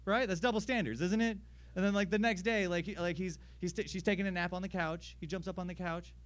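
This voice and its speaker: A man's voice: high voice, fast talker, dry recording. Crude young man doing stand-up. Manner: crude, deadpan storytelling with acted-out voices. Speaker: stand-up comedian. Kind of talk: stand-up comedy set.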